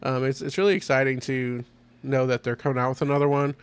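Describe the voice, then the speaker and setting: A man's voice: mid-range voice, fairly even intonation, fast, clean tone, no room sound. A man hosting a casual podcast, talking with enthusiasm, rambling and laughing often. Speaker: podcast host. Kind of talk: casual chat.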